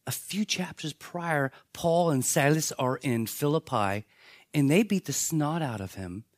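A male pastor preaching with a slightly raised pitch, recorded dry and close. He tells Bible stories with animation and drops into the characters' voices. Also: a little slow, no room sound. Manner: animated storytelling, acts out voices of biblical characters. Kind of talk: sermon.

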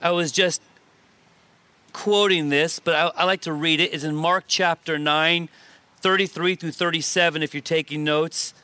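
A male pastor preaching a sermon, lively and emphatic, often repeating his key points. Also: on the high side, moderate pace, clear, resonant tone, no room sound. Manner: animated preaching with shifts of emphasis and repetition.

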